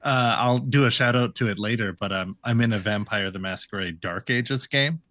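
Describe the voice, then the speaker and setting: A man's voice: fairly low pitch, normal speed, a bit bright, no room sound, clean studio sound. A man playing in a tabletop game, joking around playfully. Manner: playful, jokes. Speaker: player. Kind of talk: casual tabletop play.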